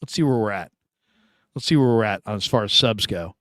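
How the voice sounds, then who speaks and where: A middle-aged man from California hosting a sports show, chatting casually through live comments and telling stories with animated quoted voices. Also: lowish voice, brisk, no room sound, studio quality. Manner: animated storytelling, laughs often, acts out quoted voices.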